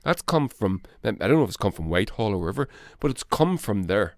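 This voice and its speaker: A man's voice: fairly low pitch, sing-song, brisk, a little mellow, dry recording. Blunt, rambling man. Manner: rambling, blunt, swears, frequent restarts. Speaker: political commentary host. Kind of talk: casual solo commentary.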